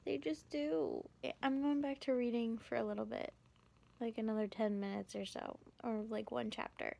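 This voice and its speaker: Gushing young woman vlogging, high voice. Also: fairly even intonation, moderate pace, vocal fry, darkish tone. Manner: gushing, breathless, emotional. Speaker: book vlogger. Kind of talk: casual vlog chat. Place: on a bus, at home, in a staff room.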